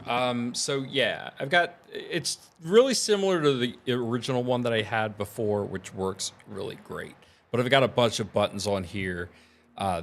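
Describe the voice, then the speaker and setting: A man's voice: on the low side, slight background noise. A man rambling casually about audio gear and his plans, with lots of fillers and easy laughter. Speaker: tech vlogger. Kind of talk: casual vlog chat.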